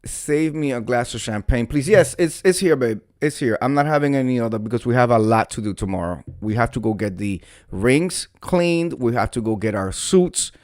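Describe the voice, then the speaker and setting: A man's voice: mid-range voice, animated, normal speed, hardly any pauses, a little mellow, no room sound, studio quality. A middle-aged man hosting a live stream, telling a long story in a theatrical way and swearing freely. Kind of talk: storytelling monologue.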